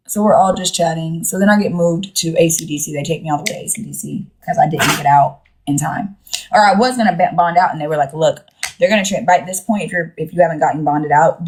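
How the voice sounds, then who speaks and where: Low-voiced girl on a phone live, rambling slangy storytime, doing everybody's voices. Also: a little mellow. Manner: chatty and rambling, slangy, acts out quoted voices. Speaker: live streamer. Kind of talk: casual storytelling to a live-stream audience.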